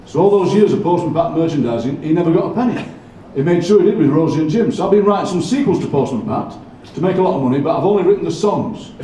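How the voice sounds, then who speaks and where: An older man performing for a live audience as a poet, with playful, deadpan, self-mocking stage patter. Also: a little high, slight background noise. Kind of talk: comic stage patter leading a singalong. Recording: echoey hall from far off with audience.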